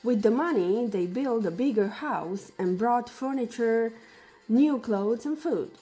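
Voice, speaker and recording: Slow woman reading a fairy tale. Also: a little high, lively intonation, mellow, faint music behind, rough recording. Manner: slow, with small slips and restarts. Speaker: storyteller.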